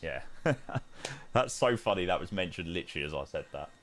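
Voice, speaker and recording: A man's voice: low voice, expressive, normal speed, slight background noise. A young man chatting casually on a flight-sim live stream, bantering with chat in slang.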